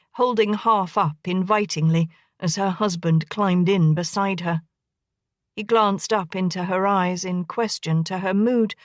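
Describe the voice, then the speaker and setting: A woman's voice: mid-range voice, dry recording, studio quality. Woman narrating a romance audiobook. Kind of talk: scripted narration.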